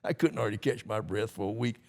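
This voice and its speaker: A man's voice: lowish voice, fairly quick. Old man spinning a yarn. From Georgia, USA. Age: 80s. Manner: folksy, laughing often, plain rural grammar. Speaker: podcast guest. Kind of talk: storytelling in a casual interview.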